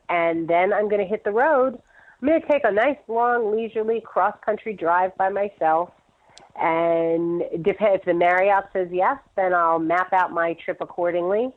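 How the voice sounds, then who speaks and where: A middle-aged woman entrepreneur chatting as an interview guest, telling stories animatedly and laughing often. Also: on the low side. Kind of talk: casual interview chat. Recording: tinny phone line.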